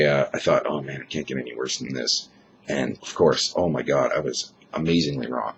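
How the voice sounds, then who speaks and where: A man's voice: very deep voice, gravelly, lo-fi sound, a little hiss or hum. A young man with a chest cold, rambling frankly and swearing freely in a casual vlog monologue. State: chest cold, unusually deep voice. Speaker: vlogger.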